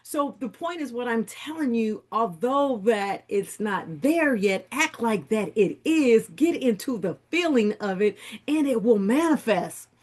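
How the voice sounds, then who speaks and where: A woman's voice: on the high side, animated, a little slow, darkish tone. A woman leading a motivational group coaching call, talking emphatically with lots of repetition and affirmations. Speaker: business and wealth coach.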